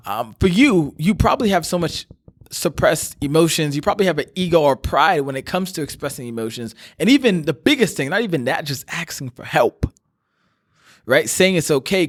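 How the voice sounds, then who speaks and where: Brief: male life coach host, earnest motivational talk, slightly high voice, dry close mic. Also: expressive, a little fast, no echo. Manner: earnest, addresses listener as brother, many fillers. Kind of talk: direct motivational talk to listeners.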